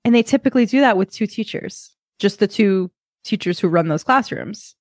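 A woman in her thirties, co-hosting a podcast and telling a lively story in a casual chat. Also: medium pitch, normal speed, dry recording, clean studio sound. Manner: animated storyteller, acts out kids and herself. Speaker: podcast co-host.

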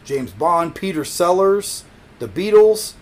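A man's voice: high-pitched, very animated, slow pace. A man co-hosting a casual podcast, sharing trivia in a hesitant way full of fillers and restarts. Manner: hesitant, lots of fillers and restarts, laughs easily. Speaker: podcast co-host.

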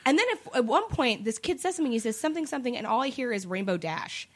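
A young woman telling a long, rambling, animated story on a podcast, swearing freely and acting out what people said. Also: a little high, fast talker. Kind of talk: casual storytelling chat.

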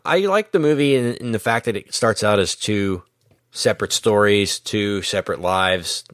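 Podcast co-host, male, very low voice, loose rambling delivery, dry close mic. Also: normal speed, a bit bright, no echo. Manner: rambling, self-correcting, laughs often. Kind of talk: casual movie-review chat.

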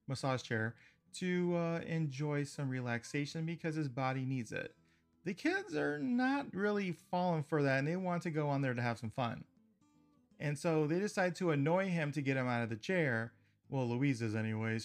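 A man hosting a podcast, casually recapping a cartoon episode. He is chatty and laughs often between remarks. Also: a little high. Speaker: podcast host.

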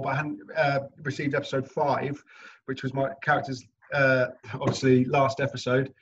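Animated young man telling a story. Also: medium pitch, normal speed, dull audio, a little hiss or hum. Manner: animated anecdotal storyteller, laughing often. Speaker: actor guest. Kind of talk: casual interview chat.

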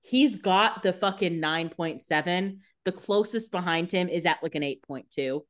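A woman's voice: on the low side, a little slow. Sarcastic woman joking about a show. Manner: sarcastic, joking commentary with swearing. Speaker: podcast co-host. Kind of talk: casual recap chat.

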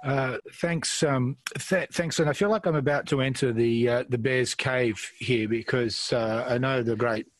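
A man's voice: mid-range voice, a little slow, few pauses, no room sound. Hesitant Australian man with dry sound. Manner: hesitant, filler-heavy, self-deprecating. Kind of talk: panel discussion question.

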